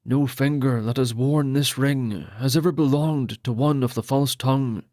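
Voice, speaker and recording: A man reading as a solemn lord presiding over a sacred rite, measured and formal, in a mid-pitched voice. The sound is dry and close, as in a storybook reading. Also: steady tone, darkish tone, dry recording, close to an everyday voice. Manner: grave, formal pronouncements. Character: solemn ceremonial male lord ordaining priests.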